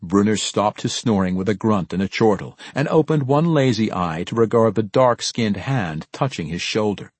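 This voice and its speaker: Male audiobook narrator, low husky voice, dry close studio sound. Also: animated, normal speed, few pauses, no echo. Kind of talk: scripted narration.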